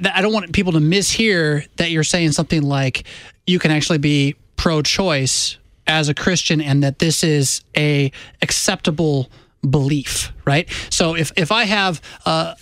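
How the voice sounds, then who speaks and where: Probing pastor, dry close sound. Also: male voice, fairly high pitch, moderate pace, a bit bright, no echo. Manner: probing, clarifying, frequent tag questions. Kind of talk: theological discussion.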